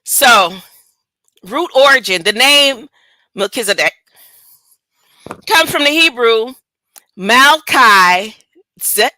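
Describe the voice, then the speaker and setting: This casual scripture reading with commentary features a woman whose fairly high voice is expressive and sharp, recorded dry. She reads aloud haltingly and at length, interrupting herself with chatty asides and rhetorical questions.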